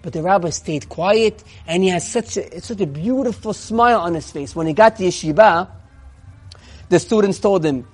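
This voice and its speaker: A man's voice: sits high, brisk, faint music behind. A man giving a sermon, asking rhetorical questions and mixing Hebrew phrases into his English. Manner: lively, swinging between soft and emphatic. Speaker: rabbi giving a Torah class.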